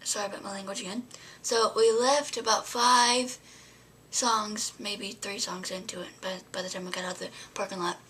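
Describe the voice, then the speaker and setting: A woman's voice: mid-range voice, level tone, moderate pace, a bit bright, slightly rough. A young adult woman vlogging, telling a story to camera in a rambling way, full of fillers and often dropping to a whisper.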